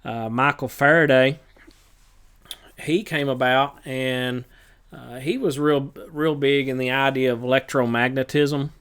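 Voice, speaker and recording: A male teacher running a test review, talking in a plain, matter-of-fact way with frequent pauses and fillers. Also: medium pitch, fairly even intonation, a bit bright, clean tone. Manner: halting, many filler pauses.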